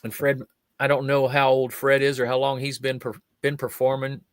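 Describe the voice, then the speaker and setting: With a medium-pitched voice at normal speed and no echo, an older man who eats fire and does magic tells stories as a chat show guest. He's a lively raconteur who performs the quoted voices.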